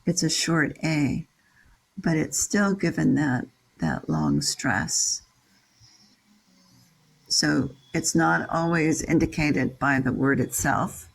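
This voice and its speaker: An older person leading a scripture class, chanting Sanskrit syllables slowly and explaining verse meter and word meanings in a casual way. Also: medium pitch, gravelly, poor audio. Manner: reads out word-by-word glosses in a steady list. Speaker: leader of a scripture reading class.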